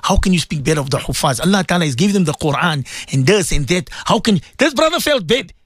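A man with a fairly high voice presents a religious radio talk and tells a story with lively energy. He often repeats himself and mixes Arabic and Urdu words into his English. The studio sound is dry and close. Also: quick pace, no room sound.

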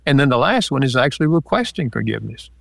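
A man's voice: mid-range voice, big pitch swings, fast talker, creaky, no echo, studio quality. An older man, an author and marriage counselor, answering interview questions and acting out example phrases as he explains. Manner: explains in numbered lists with acted-out example quotes.

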